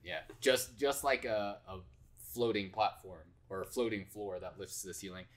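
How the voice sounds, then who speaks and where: A man with a somewhat low voice co-hosting a casual podcast. He talks in loose, rambling stretches, with a dry and wry sense of humor. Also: normal speed. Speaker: podcast co-host.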